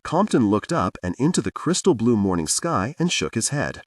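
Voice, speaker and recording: A man narrating a thriller audiobook in a measured storytelling manner. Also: fairly low pitch, big pitch swings, dry recording. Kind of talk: scripted narration. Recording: dry, distant-miked.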